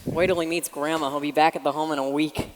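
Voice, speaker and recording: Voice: medium pitch, little pitch movement, fast, close to an everyday voice. A teenage student acting in a school play as a nervous, dry-witted younger boy. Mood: wary. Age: teens. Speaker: student actor. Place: school auditorium stage. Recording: echoey hall from a room mic with faint noise.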